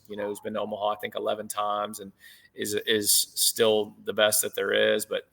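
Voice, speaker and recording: A man in his late thirties, a head baseball coach, telling stories in a relaxed interview over a video call, with many fillers and restarts. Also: lowish voice, vocal fry. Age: 30s. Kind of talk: casual interview chat.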